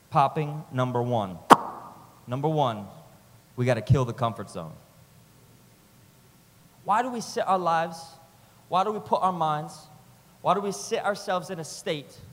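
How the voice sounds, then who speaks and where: Passionate preacher in a reverberant hall. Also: male voice, a little high. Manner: passionate, swings between loud urging and quiet intimacy; repetitive rhythmic phrasing. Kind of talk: sermon.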